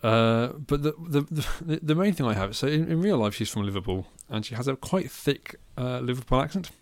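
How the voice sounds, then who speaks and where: A man's voice: medium pitch, animated, a little fast, no echo. A man, co-hosting a casual podcast about films, chatty and amused, often restarting his sentences. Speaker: podcast co-host. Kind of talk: casual film chat.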